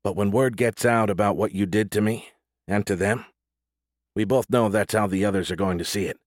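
A man's voice: on the low side, fairly even intonation, normal speed, no room sound, studio quality, lightly acted. A man voicing a firm, wry male squad leader in an audiobook. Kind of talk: audiobook character voice.

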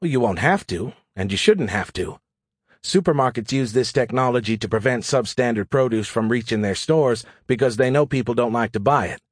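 A man voicing a brisk, practical woman logistics officer in an audiobook, explaining in a matter-of-fact way. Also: medium pitch, dry recording, clean studio sound, close to an everyday voice. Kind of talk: audiobook character voice.

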